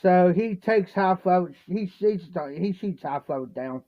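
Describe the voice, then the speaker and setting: A man's voice: high-pitched, expressive, takes it slowly, dry recording, dull audio. A man from Ohio livestreaming from home, telling a rambling, repetitive folksy story and mixing drinks. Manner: rambling, repetitive, folksy, keeps saying "no joke". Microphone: phone livestream.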